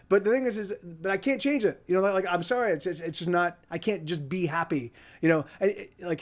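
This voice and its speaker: A man hosting a live music stream, chatting casually between songs in a rambling, halting way with many repeated words. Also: on the high side. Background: guitar playing.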